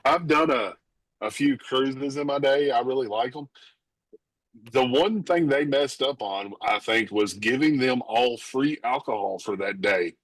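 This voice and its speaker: A man's voice: medium pitch, unhurried, dry recording, low-quality recording. A man chatting casually as a guest on a podcast, easygoing and agreeable. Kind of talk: casual chat.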